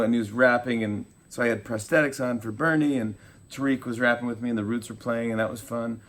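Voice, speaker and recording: A man in his forties, a talk show host, telling animated stories in a casual interview and acting out quotes. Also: lowish voice, fast talker. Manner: animated storyteller, acts out quotes.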